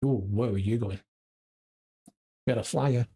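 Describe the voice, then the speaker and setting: A man's voice: medium pitch, a little slow, dark tone, husky. Man muttering darts checkouts to himself. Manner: muttering checkout numbers to himself, chatty with viewers. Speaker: darts vlogger. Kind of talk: casual live-stream chat while practicing darts. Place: home darts room.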